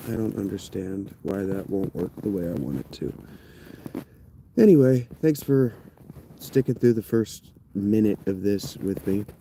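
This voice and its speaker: A man chatting casually on a phone livestream from inside a wet tent, rambling, apologetic and quick to get frustrated. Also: on the low side, background noise. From Ohio. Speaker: livestreaming creator. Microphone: phone camera set down close.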